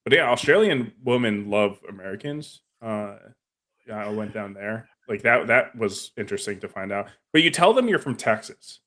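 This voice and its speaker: A man's voice: fairly low pitch, expressive, normal speed, fairly bright tone. A man from New Jersey telling rambling stories on a casual podcast chat, acting out the people he quotes.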